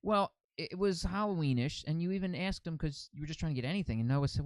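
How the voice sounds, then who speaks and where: A man's voice: fairly high pitch, no echo. Easygoing man hosting a podcast. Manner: easygoing, rambling, quick to laugh. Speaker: podcast host. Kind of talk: casual interview chat.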